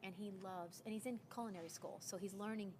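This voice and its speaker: A woman's voice: medium pitch, fairly even intonation, fast, noisy background. A woman in her forties chatting casually as a recruiter sharing sales tips, telling stories and acting out the dialogue she quotes. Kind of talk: casual chat.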